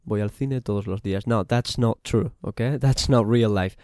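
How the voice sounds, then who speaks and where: Male English teacher, mellow. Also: lowish voice, dry recording, clean studio sound. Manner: switches between English and Spanish, repeats phrases slowly. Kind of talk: bilingual language lesson.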